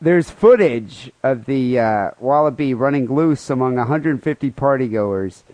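A man's voice: medium pitch, animated, unhurried, a little mellow, no room sound. Dry-sounding, crude joking podcast man. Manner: crude, profane joking with mock outrage. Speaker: podcast co-host. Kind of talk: casual comedic podcast banter.

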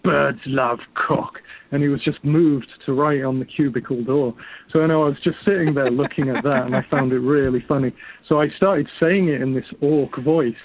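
A man's voice: medium pitch, fairly even intonation, brisk. An English man calling in to a podcast to tell a funny story in a chatty, amused way, heard over a phone line. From United Kingdom. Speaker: caller.

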